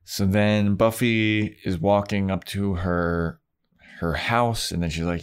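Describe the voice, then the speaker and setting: A low-voiced man chats casually as a podcast co-host. He retells events in an animated way, jumping into quotes. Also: slow pace, clean tone. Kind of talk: casual chat.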